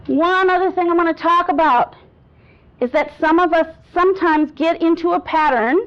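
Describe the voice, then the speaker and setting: High-voiced woman coaching a live audience. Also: normal speed. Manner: lively, demonstrates voice examples, laughs often. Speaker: speaking coach. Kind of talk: workshop talk to an audience. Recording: dull lo-fi sound.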